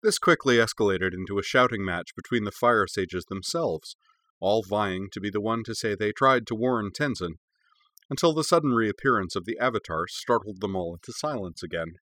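Man narrating a story, low voice. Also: lively intonation, normal speed, pushed and bright, dry recording, studio quality. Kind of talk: audiobook reading of fiction.

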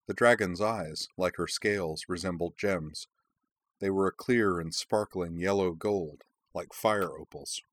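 A man narrating an audiobook in a measured, even reading. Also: low-pitched.

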